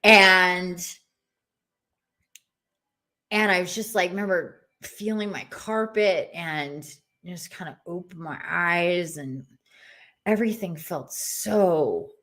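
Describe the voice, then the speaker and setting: A woman in her forties, a podcast guest telling a personal story in a casual, expressive way, acting out the voices she heard. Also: lowish voice, takes it slowly.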